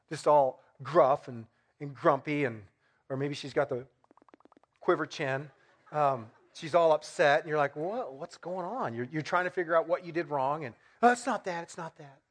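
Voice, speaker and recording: A middle-aged man preaching a sermon in a conversational way, asking rhetorical questions and acting out everyday examples. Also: on the high side. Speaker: pastor.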